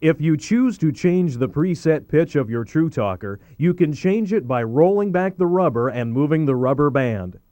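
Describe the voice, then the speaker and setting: A man narrating a scripted instructional voice-over, giving calm step-by-step directions. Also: on the high side, moderate pace, hardly any pauses, no echo.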